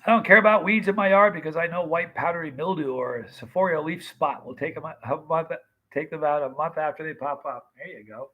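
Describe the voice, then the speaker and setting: A man's voice: fairly high pitch, fairly quick, dull audio. A man in his fifties casually chatting on a livestream, greeting viewers by name and telling stories. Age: 50s. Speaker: livestream host.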